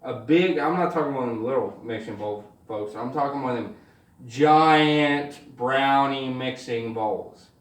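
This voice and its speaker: A man telling stand-up stories in an animated, swearing style, acting out the people in them. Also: medium pitch, measured pace, roomy sound, distant mic. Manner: animated, swears freely, acts out voices. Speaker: stand-up comedian. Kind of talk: stand-up storytelling.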